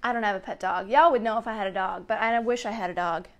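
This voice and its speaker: Speaking fast at a medium pitch, a young adult woman hosts a children's story time. She reads picture books aloud in an upbeat, chatty style and asks the kids plenty of questions.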